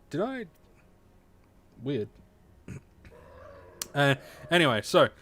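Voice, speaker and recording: A man's voice: a little high, fairly bright tone. A man streaming a game, chatting casually to viewers, rambling with plenty of fillers and swearing freely. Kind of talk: casual livestream chat. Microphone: desk mic at home streaming setup.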